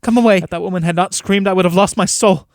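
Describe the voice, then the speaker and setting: A man's voice: high-pitched, fast talker, no room sound, studio quality, voice pushed up. A man voicing frightened, desperate starving peasants in a raised, pleading and urgent voice.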